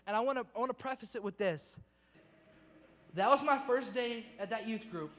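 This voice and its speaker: Man, youth pastor, high voice, casual slangy sermon, long hall reverb. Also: moderate pace, fairly bright tone. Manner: casual, slangy, joking with the crowd. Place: church hall with youth audience.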